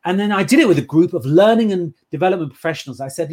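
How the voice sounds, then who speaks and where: A man's voice: high-pitched, expressive, fast talker, darkish tone. A man on a casual interview, telling playful anecdotes about his work as an improv performer. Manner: chatty anecdotal storyteller, playful.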